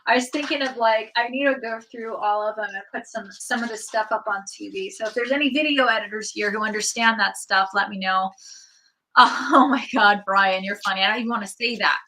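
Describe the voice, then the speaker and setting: Bright-voiced chatty woman streaming live. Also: mid-range voice, brisk, rough recording. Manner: chatty, reads out viewer comments and answers them; giggly, rambling with many likes. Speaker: streamer hosting a live chat. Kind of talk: casual livestream chat.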